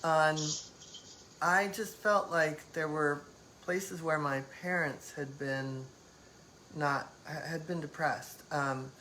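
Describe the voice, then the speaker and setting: A woman's voice: sits low, fairly even intonation, takes it slowly, a bit bright, a little hiss or hum, rough recording. A woman hosting a live-stream talk, speaking reflectively in loose phrasing with many fillers. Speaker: host.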